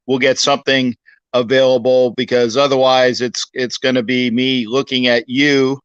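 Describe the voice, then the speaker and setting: A man's voice: mid-range voice, level tone, moderate pace, smooth, no echo. A man in his sixties, a guest chatting casually and humbly, talking into his phone. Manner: humble, chatty, self-deprecating. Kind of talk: casual interview chat. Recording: muffled phone audio.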